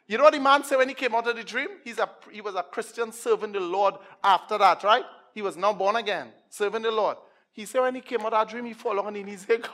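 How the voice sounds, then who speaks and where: A man with a Trinidadian accent preaching a sermon. He jokes with his listeners and swings from hushed lines to shouting. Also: high-pitched, quick pace. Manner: energetic, swings from hushed to shouting, joking with the crowd.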